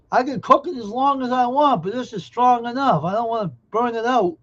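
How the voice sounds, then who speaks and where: A man's voice: extremely high pitch, fairly quick, hardly any pauses, fairly bright tone, lo-fi sound. A man hosting a casual live stream, joking brashly and teasing viewers in chat. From Massachusetts.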